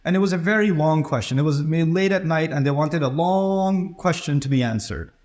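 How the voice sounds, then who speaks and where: A man's voice: a little high, fairly quick, a little mellow. A man preaching a sermon in a conversational way, acting out the people in his stories. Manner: conversational, acts out quoted dialogue.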